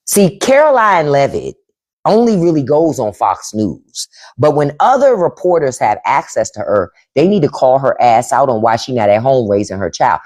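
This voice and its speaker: A woman's voice: very deep voice, very animated, moderate pace, darkish tone. A woman hosting a casual livestream, talking bluntly and with profanity while answering the chat. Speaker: podcast host on a livestream.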